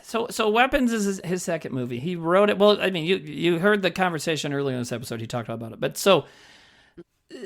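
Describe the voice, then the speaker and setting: A podcast co-host chatting about movies in a loose, rambling way, swearing freely and joking around. The voice has a gravelly rasp. Its pitch swings widely as the host talks. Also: lively intonation, fast. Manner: rambling, profane, jokey, full of fillers. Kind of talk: casual chat about movies.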